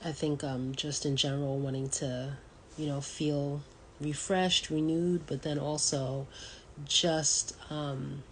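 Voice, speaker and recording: Deep-voiced woman musing aloud. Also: flat delivery, slow, a little hiss or hum, rough recording. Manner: thoughtful and rambling, many ums and you-knows. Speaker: podcast host. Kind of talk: casual solo talk.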